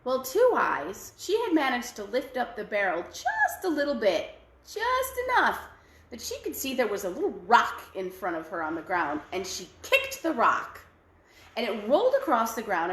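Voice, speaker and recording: A woman storyteller for a library, reading a fairy tale aloud in an animated, expressive way. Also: on the high side, normal speed, roomy sound.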